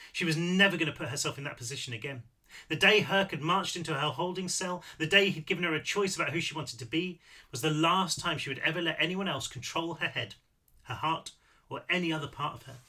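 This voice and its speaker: A man reads his own novel aloud, lively and animated, occasionally pausing for a casual aside. His voice sits a bit higher than most men's and sounds very bright and sharp, and his pace is slightly quick.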